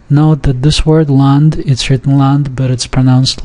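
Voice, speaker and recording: A man teaching a recorded language lesson, reading example words aloud and explaining the rules deliberately. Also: medium pitch, little pitch movement, mellow.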